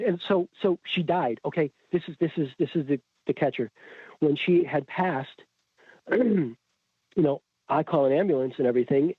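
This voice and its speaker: A man's voice: mid-range voice, dry recording. A man from Connecticut with a Connecticut accent, telling a story as a podcast guest, acting out the voices of others with many restarts. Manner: animated, acts out quoted voices, frequent restarts. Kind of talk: storytelling in a casual chat. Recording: tinny phone-like audio, dry.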